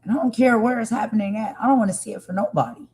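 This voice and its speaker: On a livestream, an impassioned woman host races through emotional commentary, talking earnestly and directly to her viewers. Her voice sits on the high side, darkish in tone and slightly rough.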